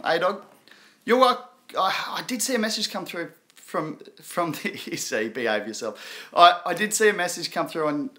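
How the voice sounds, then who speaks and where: Bright, forward-voiced male streamer; loose, rambling delivery, reads chat aloud between points, frequent laughs. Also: on the high side. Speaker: crypto live-stream host. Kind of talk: casual live-stream chat.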